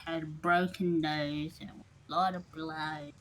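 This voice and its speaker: A woman's voice: low voice, flat delivery, unhurried, rough recording. A woman doing a rambling drunk tavern regular. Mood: gossipy. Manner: rambling, gossipy, folksy. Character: chatty drunk tavern man, loyal to his boss.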